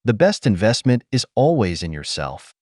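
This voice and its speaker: A man's voice: lowish voice, very animated, moderate pace, darkish tone. A man narrating scripted commentary in a lecturing, preachy way.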